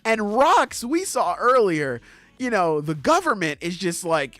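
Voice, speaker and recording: A man co-hosting a podcast, recapping a manga chapter in casual chat, swearing freely and acting out the characters in quick voices. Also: high-pitched, very animated, a bit bright, dry recording. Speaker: podcast co-host.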